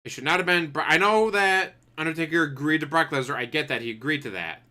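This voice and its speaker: A man's voice: a little high, fast, pushed and bright. A man ranting casually about wrestling as a streamer, swearing often and acting out quotes in put-on voices.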